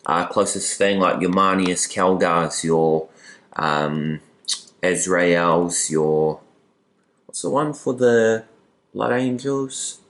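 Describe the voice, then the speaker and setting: A man's voice: sits low, slow pace, fairly bright tone, reverberant. A man casually commentating a tabletop wargame battle, chatty with playful asides. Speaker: battle report host.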